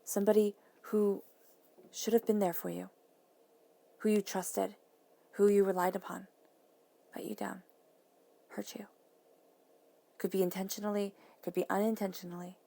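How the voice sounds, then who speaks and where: A woman giving a tarot reading, talking soothingly and dropping now and then to soft whispers. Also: medium pitch, little pitch movement, moderate pace, gravelly, long pauses. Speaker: tarot reader.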